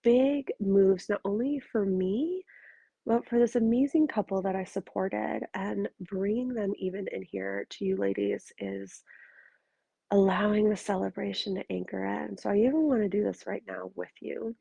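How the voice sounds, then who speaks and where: A woman's voice: mid-range voice, fairly even intonation, normal speed, vocal fry, dark tone, breathy edge, no room sound, lo-fi sound. A woman hosting a podcast in a casual, frank and emphatic way, swearing freely, tired and talking from her bed. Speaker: podcast host and relationship coach. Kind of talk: casual solo podcast monologue. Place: bedroom, curled up in bed.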